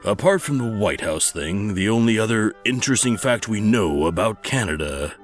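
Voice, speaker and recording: A man's voice: lowish voice, expressive, normal speed, faint music behind. A man hosting a comedy podcast, reading scripted narration and replies with a dry, mock-formal delivery.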